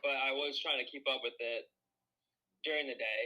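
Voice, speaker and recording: A man's voice: medium pitch, steady tone, moderate pace, bright, forceful tone, poor audio. A young man co-hosting a casual podcast chat over a video call, laid-back and full of playful banter. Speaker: podcast co-host. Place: Austin, Texas.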